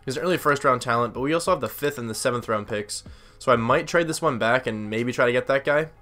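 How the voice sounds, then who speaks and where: Fast-talking, bright-voiced young man gaming. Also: mid-range voice, faint music behind. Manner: chatty, thinks aloud, lots of "like" and "uh". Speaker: gaming YouTuber. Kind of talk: casual gameplay commentary.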